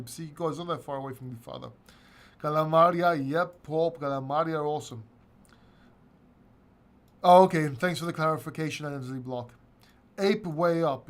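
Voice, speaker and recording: A male crypto livestream host with a slightly higher-pitched voice chats loosely with his viewers. He reads their questions aloud and answers in a relaxed, off-the-cuff way, full of "you know" and restarts. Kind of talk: casual live-chat Q&A.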